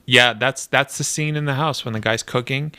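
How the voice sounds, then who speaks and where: A young man casually commenting on a game trailer, animated and nitpicky, laughing often as he talks. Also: mid-range voice, normal speed, clean tone. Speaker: video reactor.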